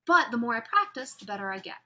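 A woman's voice: fairly high pitch, big pitch swings, fast, bright, forceful tone, dull audio. A woman instructor giving a recorded lecture on public speaking, upbeat and chatty with frequent restarts.

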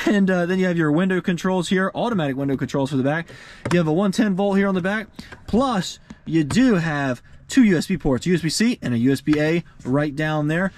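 Upbeat high-voiced man reviewing a car. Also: fairly quick, darkish tone, slight background noise. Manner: upbeat, folksy, chatty with fillers and little laughs. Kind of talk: casual walkaround car review.

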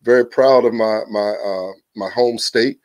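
A man in his forties from Virginia with a Southern accent, a pastor guesting on a church podcast, animated and telling stories with quick restarts. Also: fairly low pitch, no room sound. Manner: animated, exclamatory, storytelling, frequent restarts. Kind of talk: casual church podcast interview.

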